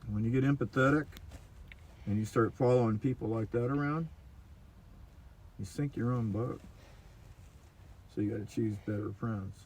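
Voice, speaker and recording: A man and guitar player giving advice in casual storytelling chat, rambling and animated, swinging between loud and soft. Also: mid-range voice, normal speed, long pauses. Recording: very echoey room, distant mic, faint noise.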